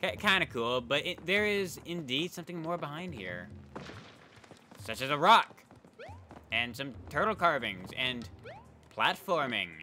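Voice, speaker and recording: Casting: joking young gamer, lively, bright and sharp delivery, soft game music behind. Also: male voice, a little high, unhurried, long pauses. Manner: wry, joking and animated. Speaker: let's play commentator. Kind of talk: casual gameplay commentary.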